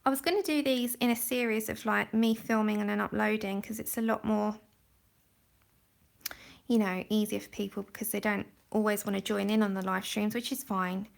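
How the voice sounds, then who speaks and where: Chatty London woman, slightly gravelly. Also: mid-range voice, steady tone, normal speed. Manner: chatty, rambling, laughs often. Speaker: livestream host. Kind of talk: casual chat while colouring. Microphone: phone.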